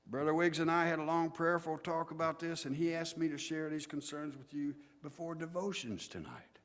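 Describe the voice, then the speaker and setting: A man's voice: fairly high pitch, moderate pace, a bit bright, voice pushed up, lightly acted. A man voicing a stiff, starchy preacher who lectures boys in a sing-song, building fervor. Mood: earnest. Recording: long hall reverb.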